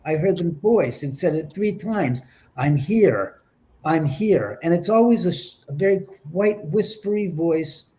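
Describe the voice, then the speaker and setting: A man telling paranormal stories in an interview, lively and acting out the voices he quotes. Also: on the high side, unhurried. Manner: lively, acts out quotes with whispers and exclamations. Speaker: paranormal investigator guest. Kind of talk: animated storytelling in an interview.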